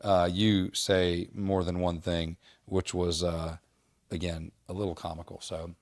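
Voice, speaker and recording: A man co-hosting a podcast, talking in a measured, wry way and steering clear of swearing. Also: low-pitched, level tone, no echo, studio quality. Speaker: podcast co-host. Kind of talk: casual chat.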